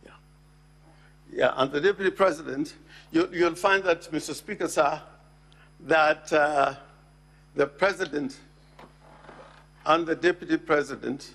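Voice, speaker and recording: A man, making a formal legal address to a Senate chamber and deliberately reading out and stressing constitutional text. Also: on the high side, fairly bright tone. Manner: deliberate, emphatic, reads legal text aloud.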